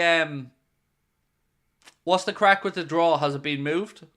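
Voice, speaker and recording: A man's voice: on the high side, fairly even intonation, moderate pace, sharp tone. An Irish man hosting a football watchalong livestream, reading viewer comments aloud and joking in casual, teasing banter.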